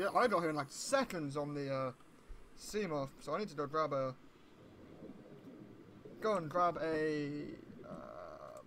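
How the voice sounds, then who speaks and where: A man giving gameplay commentary, excitable and swearing a lot, with sudden yelps when something scares him. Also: fairly high pitch, slight background noise. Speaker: let's play gamer.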